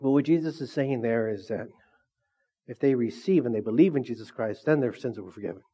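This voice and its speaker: A man preaching a sermon as pastor, casual and energetic, full of questions to the congregation. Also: mid-range voice, fairly quick, breathy edge, muffled recording.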